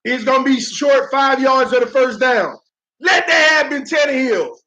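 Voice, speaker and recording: High-voiced excitable man streaming football reactions. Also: moderate pace, rough recording. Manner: excitable, slangy, dramatic groaning and laughing.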